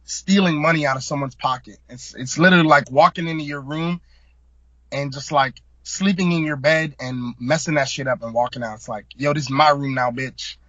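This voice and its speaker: Animated young man telling a wild story. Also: on the high side, fairly quick, no echo, muffled recording. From South Florida. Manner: animated, slangy, emphatic. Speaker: guest, hip hop artist. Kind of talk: casual storytelling.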